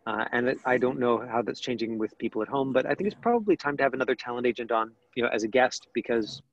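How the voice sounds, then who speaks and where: Acting teacher, male, gravelly voice, casual chatty delivery, dull dry call audio. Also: mid-range voice, fast. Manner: conversational, many fillers and restarts. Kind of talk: online Q&A lesson.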